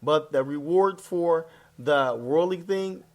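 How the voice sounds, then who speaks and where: Quick-talking male religious teacher. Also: fairly high pitch. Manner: explains terms, mixing Arabic quotes and phrases into plain English; talks quickly with fillers and self-corrections. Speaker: Islamic teacher. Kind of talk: religious lesson.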